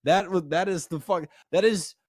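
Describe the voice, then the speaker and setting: A man's voice: high voice, fairly even intonation, moderate pace, no echo, clean studio sound. Swearing, emphatic male podcast host. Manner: profane, emphatic ranting. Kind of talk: casual podcast chat.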